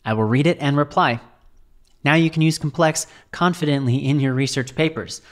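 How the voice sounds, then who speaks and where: A woman reading a scripted vocabulary lesson in an even, measured, dictionary-style delivery. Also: deep voice. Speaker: vocabulary teacher.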